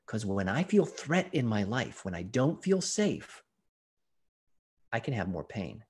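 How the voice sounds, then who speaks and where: A man, a naturopathic physician, giving an online health presentation with expressive storytelling. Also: fairly low pitch, unhurried, breathy edge. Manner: lively, expressive storytelling with acted-out exclamations.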